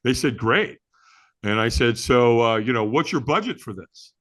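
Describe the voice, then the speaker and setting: Speaking at a moderate pace in a mid-range voice, a middle-aged man guests in a relaxed interview. The firewalk instructor tells lively stories, dramatizes quotes, and laughs frequently.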